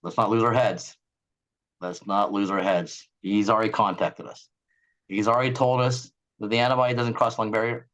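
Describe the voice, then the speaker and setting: A man's voice: on the low side, fairly even intonation, normal speed, a bit bright, close to an everyday voice. A man voicing a scheming male corporate attorney who soothes and reassures his panicking colleagues. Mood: soothing.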